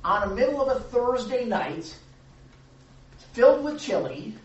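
A preacher leading an informal Bible study, animated and repetitive with jokey asides. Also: medium pitch, unhurried, muffled recording. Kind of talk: informal sermon. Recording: echoey room from far off, faint noise.

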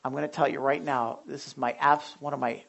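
A young man preaching a sermon as a pastor in a blunt, animated storytelling way, swinging from loud outbursts to quiet asides. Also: mid-range voice, brisk, vocal fry. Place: church sanctuary.

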